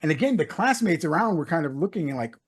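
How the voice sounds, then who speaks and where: A middle-aged American leadership consultant, a guest telling a personal story in a casual interview, with many "uh"s and "you know"s. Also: male voice, a little high, animated, fast talker, slightly rough. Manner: anecdotal, repeats words, many "uh" and "you know".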